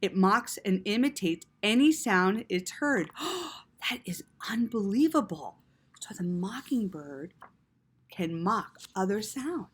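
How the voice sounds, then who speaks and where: A woman reading a story aloud to children in an animated way, with gasps and quiet asides. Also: mid-range voice, slow pace, husky.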